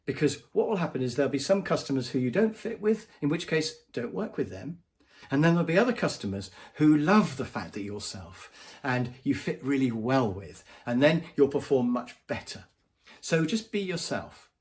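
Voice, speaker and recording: A man's voice: medium pitch, big pitch swings, moderate pace, darkish tone. A man, a business trainer, giving advice straight to camera in a conversational way. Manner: conversational, acts out quoted voices. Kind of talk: direct-to-camera advice vlog.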